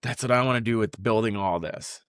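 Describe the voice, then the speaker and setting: A man's voice: on the low side, fairly quick, clean tone, no echo, clean studio sound. A man in his forties hosting his own podcast, talking off the cuff in a rambling, repetitive way. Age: 40s. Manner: rambling, repeats himself, animated. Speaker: podcast host. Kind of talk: unscripted casual monologue.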